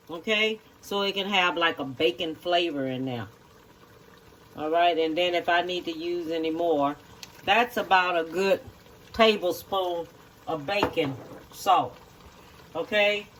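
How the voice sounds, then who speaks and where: A home cook walks through a recipe at an unhurried, deliberate pace, repeating each instruction and asking "okay?" as they go. The voice sits at a middle pitch. Faint noise lingers under the home kitchen recording. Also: a bit bright. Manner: slow, repetitive instructions, checking in with "okay?". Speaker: home cook hosting a cooking video. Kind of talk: cooking demonstration.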